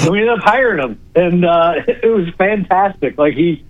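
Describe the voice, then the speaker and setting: A man's voice: sits high, lively intonation, noisy background. A man reminiscing about running events at a ballpark in a casual chat. He stops and restarts often and fills his talk with fillers. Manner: halting, frequent restarts and fillers. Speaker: former ballpark executive. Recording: dull lo-fi sound.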